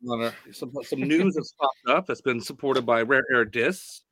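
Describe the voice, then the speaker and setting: A man's voice: mid-range voice, normal speed, a bit bright, no room sound. A man co-hosting a podcast, casually bringing up the news and the sponsor spot. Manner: casual, reads sponsor spots. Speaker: podcast co-host. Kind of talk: casual chat.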